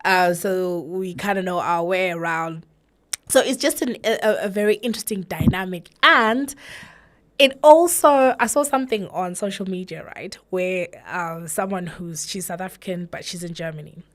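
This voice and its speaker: A woman's voice: on the low side, normal speed. A woman from Zimbabwe, co-hosting a podcast, telling a long story in casual chat and checking in with "right?" and "you know". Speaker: podcast co-host.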